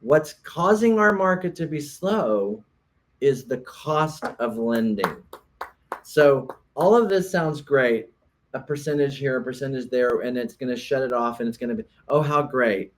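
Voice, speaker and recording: A man's voice: medium pitch, lively intonation, unhurried, a little hiss or hum. A man, a realtor, co-hosting a casual podcast chat, explaining earnestly and often restarting his sentences.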